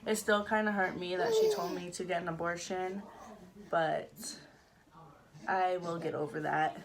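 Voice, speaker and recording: A woman's voice: on the low side, very animated, measured pace, long pauses, a crowd in the background. Chatty young woman telling her story. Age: young adult. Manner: chatty, laughs now and then, many fillers. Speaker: vlogger. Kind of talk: casual storytelling.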